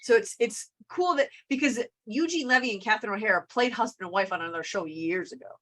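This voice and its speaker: A woman co-hosting a podcast in casual chat, chatty and quick to laugh. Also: medium pitch, fairly bright tone. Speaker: podcast co-host. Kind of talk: casual chat about a TV comedy.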